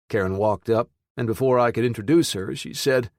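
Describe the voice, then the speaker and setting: A man narrating a first-person audiobook in a plain, steady storytelling manner. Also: medium pitch, brisk, few pauses, no echo, clean studio sound.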